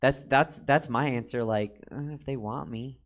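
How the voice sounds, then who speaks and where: A man hosting a casual studio interview as a drag performer, joking and teasing his guest. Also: medium pitch. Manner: joking, teasing, quick asides. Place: studio in a comedy theater.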